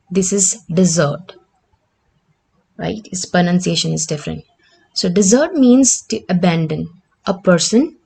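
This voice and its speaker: A woman's voice: lowish voice, gravelly, darkish tone. A woman, teaching the meaning and pronunciation of word pairs and checking in often with "right?". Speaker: English teacher. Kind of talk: explanatory vocabulary lesson.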